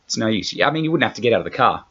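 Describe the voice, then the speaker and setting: Australian male comic host, low-pitched, loose profane patter, dull recording. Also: big pitch swings, racing, a bit bright, breathy edge. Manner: rambling, profane, self-mocking. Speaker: comedian podcast host. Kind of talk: casual comedic chat. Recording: dull lo-fi podcast audio.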